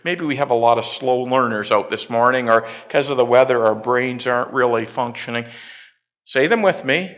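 Man preaching, joking and conversational, leads call-and-response, mid-pitched voice, dull lo-fi sound. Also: moderate pace, a bit bright. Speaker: pastor. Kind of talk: sermon.

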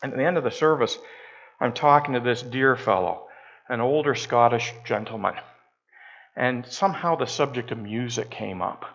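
A man's voice: mid-range voice, normal speed, fairly bright tone. A middle-aged man from Canada, a pastor telling a story in a conversational, self-deprecating way during a sermon in a church. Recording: muffled lo-fi church recording.

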